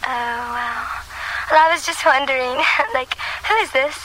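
Woman voicing a giggly stoned girl caller, slow, high bright voice, comedy radio sketch. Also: slight background noise, low-quality recording. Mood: spaced-out. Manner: hesitant, giggling, lots of "um" and "like". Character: giggly spaced-out young female caller.

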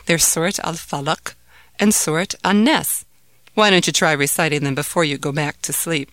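A woman's voice: low voice, fairly even intonation, moderate pace, fairly bright tone, no echo. A woman voicing a loving father comforting his son in a soothing way. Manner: soothing, playful.

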